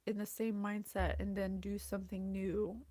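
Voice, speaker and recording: A woman's voice: mid-range voice, flat delivery, normal speed, mellow, no room sound. A woman psychic host chatting through a casual livestream reading, effusive and gushing, greeting viewers by name. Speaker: psychic reader and show host. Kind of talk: casual livestream channeling talk.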